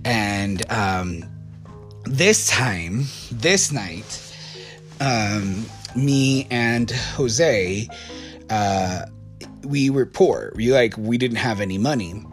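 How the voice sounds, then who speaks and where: A man's voice: lowish voice, animated, extremely slow, soft background music. An American man casually telling a personal story, rambling and correcting himself with lots of fillers. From United States.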